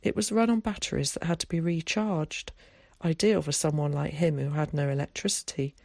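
An audiobook narrator reading scripted narration in a measured, even way at a middling pitch. The sound is dry and close, with no room around the voice. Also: vocal fry, dry recording.

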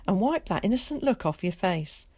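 A woman's voice: mid-range voice, very animated, normal speed, a little mellow, breathy edge, no echo. A woman voicing a stern, pious mother who is cold, suspicious and reproachful in a storybook reading. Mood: scolding. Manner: clipped, reproachful, preachy.

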